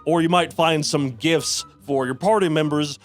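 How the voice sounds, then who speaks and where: A man's voice: a little high, steady tone, normal speed, faint music behind. A man giving a sarcastic, profane, exasperated review of a video game.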